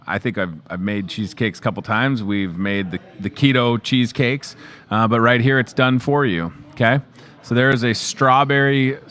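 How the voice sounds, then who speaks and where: A man's voice: mid-range voice, fairly bright tone. A man in his thirties hosting a local morning show, chatting casually and joking with the crew while showing products. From Chicago area. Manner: chatty, upbeat and joking, talking to the camera and crew. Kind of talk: casual live show chat promoting store products.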